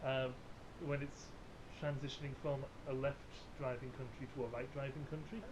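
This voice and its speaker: A man's voice: mid-range voice, level tone, normal speed, background noise. A man with a toned-down northern English accent, co-hosting a podcast, swearing freely with wry rambling asides. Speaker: podcast co-host. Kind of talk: casual chat.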